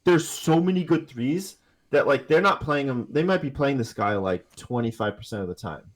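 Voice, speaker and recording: A man's voice: mid-range voice, expressive, moderate pace. Rambling casual man talking games. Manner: rambling, filler-heavy, restarts often. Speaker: podcast co-host. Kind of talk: casual gaming chat.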